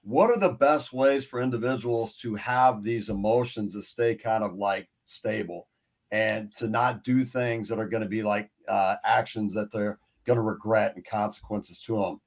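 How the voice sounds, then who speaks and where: A man's voice: lowish voice, moderate pace. A man hosting a casual podcast interview, asking earnest questions and thinking aloud with fillers. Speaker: podcast host.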